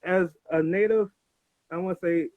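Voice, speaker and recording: A man's voice: high voice, steady tone, normal speed, dry recording. Guy calling into a live stream, tinny phone-like sound, kinda rambling. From United States. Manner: hesitant, rambling. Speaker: caller. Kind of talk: casual call-in talk.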